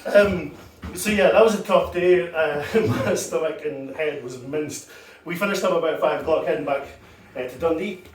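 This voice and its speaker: A man's voice: on the high side, moderate pace. A young man doing a crude, self-deprecating stand-up set at an open mic, telling stories and laughing at himself. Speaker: stand-up comedian. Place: comedy club stage with audience. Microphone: handheld corded mic, recorded from far. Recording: echoey club room from far off.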